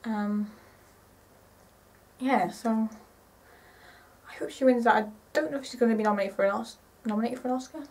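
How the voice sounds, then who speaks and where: Excitable woman, far from mic. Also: on the high side, moderate pace, long pauses. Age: 20s. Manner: rambling, excitable, self-correcting. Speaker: vlogger. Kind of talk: casual chat to camera.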